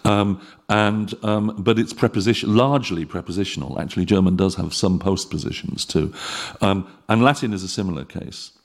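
Man, very low voice, middle-aged, academic lecture, measured explaining, lots of ums. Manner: measured, explanatory, with frequent fillers. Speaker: linguistics lecturer.

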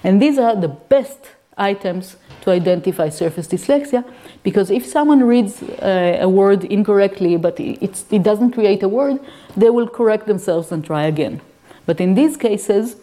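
Mellow-voiced woman giving a lecture. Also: mid-range voice. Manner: explanatory, checks in with listeners. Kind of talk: academic lecture.

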